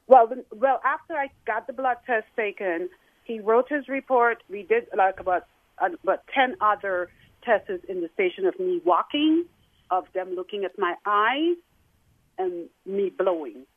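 Woman caller, emotional, halting speech, tinny phone line, mid pitch. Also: expressive, no echo. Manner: tearful, halting. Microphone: telephone.

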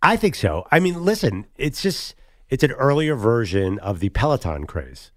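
A man's voice: medium pitch, sing-song, normal speed, no room sound, clean studio sound. A man co-hosting a casual sports talk radio show, joking and bantering.

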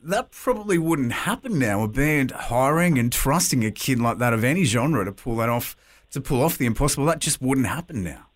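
Brief: male podcast host, mid pitch, easy chat. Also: lively intonation, fairly quick. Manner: conversational, leads with questions. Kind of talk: interview chat.

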